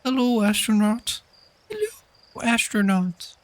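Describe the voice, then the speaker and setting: A man reading out a video game character's lines in a high, eager little-kid voice as he plays. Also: takes it slowly, full character voice. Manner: pleading, bouncy, excited. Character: eager little kid begging to play hide and seek.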